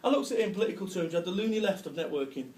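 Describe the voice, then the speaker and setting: A business speaker from Salford, England, with a Manchester accent, delivers a brash, joking motivational talk at a live event, laughing and swearing along the way. His voice sits high for a man, animated and very fast. A faint noise runs beneath the recording.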